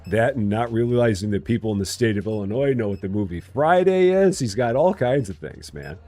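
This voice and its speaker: With a lowish, mellow voice, a streamer gives animated, slightly fast commentary on his live game, and the recording has no room sound. He teases chat, jokes around, and drops into sing-song asides over faint background music.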